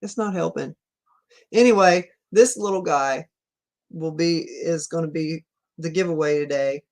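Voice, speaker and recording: A woman's voice: low voice, a little slow, a little mellow. Chatty Southern woman hosting a livestream. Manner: chatty, rambling, laughs often, reads viewer comments aloud. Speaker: livestream host. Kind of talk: casual livestream chat. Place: home room at night.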